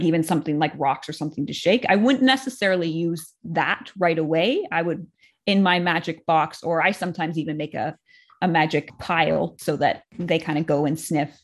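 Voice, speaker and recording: Low-voiced woman explaining puppy training. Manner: relaxed, explains step by step with frequent "like" fillers. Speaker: dog trainer, co-host. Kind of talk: casual explanatory chat.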